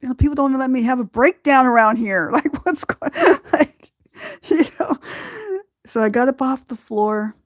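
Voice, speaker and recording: A woman from Southern California hosting a podcast, telling a personal story slowly and from the heart, often breaking into laughter. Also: high-pitched, no room sound, clean studio sound. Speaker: podcast host.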